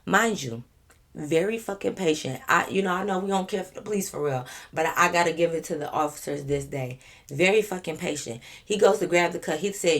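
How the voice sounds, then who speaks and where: A woman vlogger telling a story in a casual way, animated, emphatic and full of swearing. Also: fairly low pitch, a little fast.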